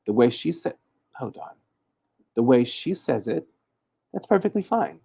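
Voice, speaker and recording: A man hosting a casual livestream in a husky, gravelly voice with a mellow tone. His pitch swings widely as he teases himself over tricky words. He talks in loose, stumbling restarts. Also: a little slow. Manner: playful, teasing himself over hard words; animated, stumbling through restarts. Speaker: host giving hoodoo readings and advice. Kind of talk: casual livestream chat, reading from the chat.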